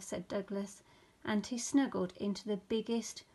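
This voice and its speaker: A woman teacher reading a bedtime picture book aloud in a slow, expressive storytelling manner. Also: mid-range voice, breathy edge.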